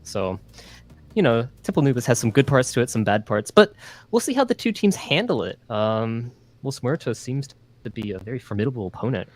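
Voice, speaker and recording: A man's voice: medium pitch, expressive, brisk, soft background music. A man casting an amateur esports match, easygoing and playfully teasing his co-caster. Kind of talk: casual esports commentary.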